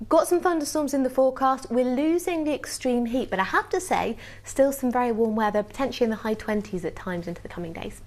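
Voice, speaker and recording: A British woman with a fairly high voice presents the weather in an animated, emphatic way, leaning into key words. She speaks from a television studio. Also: fast, hardly any pauses. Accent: British English.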